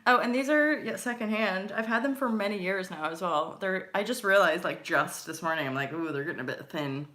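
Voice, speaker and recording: Bright-voiced woman, chatty live host. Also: mid-range voice, brisk. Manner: rambling, chatty, swears casually, laughs often. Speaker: host doing live intuitive tarot readings. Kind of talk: casual live-stream chat.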